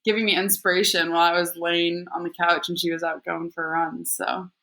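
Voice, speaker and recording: A woman's voice: fairly low pitch, flat delivery, brisk, bright, forceful tone. A woman guest on a podcast, chatting casually and laughing often, with a lot of "like" in her speech. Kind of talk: casual chat.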